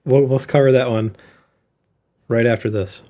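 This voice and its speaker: Guy co-hosting a stock show, jokey, butts in a lot, medium pitch. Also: steady tone, normal speed, mellow. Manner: joking, interrupts. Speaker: co-host. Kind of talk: casual chat.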